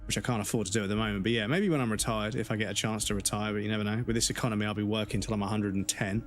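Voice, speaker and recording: A man's voice: lowish voice, fairly even intonation, rapid-fire, soft background music. A man chatting casually as a streamer, rambling and swearing freely. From England. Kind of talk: casual chat with viewers.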